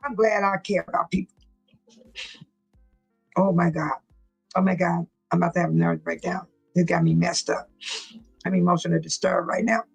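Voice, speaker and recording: A woman's voice: fairly low pitch, little pitch movement, normal speed, vocal fry, long pauses, slightly rough, faint music behind, poor audio. A woman hosting a livestream, reacting to clips with casual, emotional commentary and talking straight to her viewers. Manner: emotional, repeats herself, talks straight to viewers. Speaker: livestream host.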